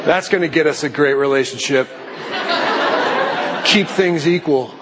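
A middle-aged man preaching a sermon in a lively, joking way, slipping into put-on voices for effect. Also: a little slow, long reverb tail, over a noisy crowd, very noisy. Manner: animated, jokey, puts on high panicky voices. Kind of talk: sermon with acted asides.

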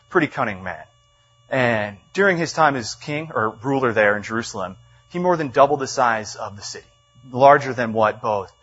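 A man delivering a storytelling sermon in a church meeting room, animated, with many fillers, acting out the quotes in his story. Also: mid-range voice, slightly rough, lo-fi sound.

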